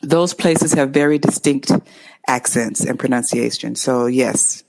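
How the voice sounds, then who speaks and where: A woman from Los Angeles, USA, with a Californian accent, works as an English tutor and answers interview questions. She's upbeat and expressive with clear enunciation, speaking a little slowly in a bass voice.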